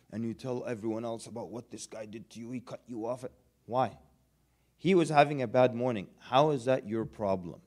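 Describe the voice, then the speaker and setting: A man lectures in an easygoing, conversational way, mixing jokes into his points. He acts out quick everyday scenes as he goes, and his voice sits at an ordinary middle pitch for a man. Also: a little mellow. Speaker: Islamic lecturer. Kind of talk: casual lecture to students.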